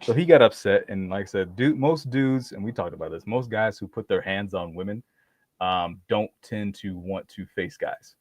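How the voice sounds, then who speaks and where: A man's voice: fairly low pitch, normal speed, a little mellow, no room sound. Man, podcast host, casual storytelling, laughs a lot, acts out quoted voices, dry sound.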